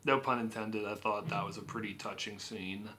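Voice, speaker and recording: A man's voice: fairly low pitch, steady tone, moderate pace, bright, forceful tone, a little hiss or hum. Rambling man reviewing a movie. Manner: rambling, full of "you know" and "like". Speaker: film reviewer. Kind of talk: casual spoken movie review.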